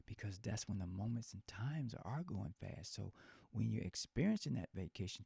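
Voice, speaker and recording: Gravelly, husky man giving motivational talk. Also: on the low side, expressive, normal speed, mellow, no echo, studio quality. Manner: conversational, repeats "right?" often. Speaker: podcast host. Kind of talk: motivational solo podcast talk.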